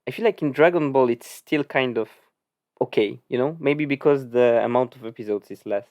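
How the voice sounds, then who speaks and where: A man's voice: medium pitch, normal speed, darkish tone, no room sound, highs cut off. Podcast guy chatting loosely, lots of likes, dead dry sound. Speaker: podcast co-host. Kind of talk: casual chat.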